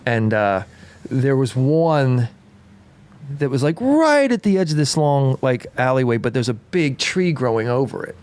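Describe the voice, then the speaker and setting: A man's voice: mid-range voice, very animated, measured pace, a little mellow. A young man with an East Coast American accent and a slight British tinge, telling rambling stories with many restarts in a casual podcast chat. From Washington DC and Maryland area. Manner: rambling storyteller, full of restarts. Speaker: podcast co-host.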